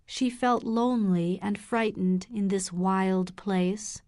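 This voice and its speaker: Very slow woman narrating a story. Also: mid-range voice, steady tone, darkish tone. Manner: very slow and clear.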